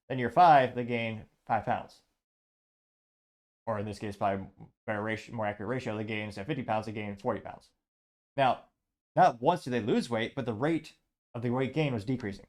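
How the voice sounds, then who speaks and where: A man hosting a political commentary show, sarcastic and halting, stumbling over words and restarting. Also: mid-range voice, darkish tone. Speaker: host.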